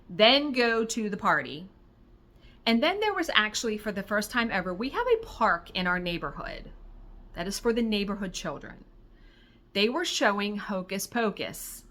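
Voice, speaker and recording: Middle-aged woman vlogger, bright voice, lively storyteller, acts out dialogue, casual swearing. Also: mid-range voice. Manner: animated, retells conversations, swears when excited. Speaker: crafting vlogger.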